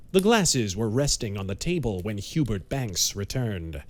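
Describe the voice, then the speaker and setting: A man giving measured, dramatic narration of a pulp audiobook. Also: on the low side, sing-song.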